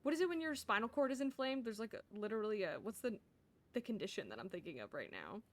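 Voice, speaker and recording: A woman's voice: medium pitch, big pitch swings, quick pace. A woman co-hosting a casual live-streamed science chat, talking loosely with lots of 'like'. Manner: chatty, heavy 'like', laughs often. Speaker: co-host.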